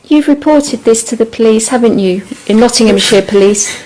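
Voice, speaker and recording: A woman interviewer asking gently probing questions. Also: on the high side, moderate pace, background noise.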